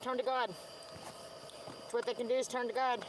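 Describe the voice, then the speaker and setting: Profane, combative high-voiced woman. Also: steady tone, normal speed, noisy background. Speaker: livestreamer. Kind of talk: ranting livestream monologue.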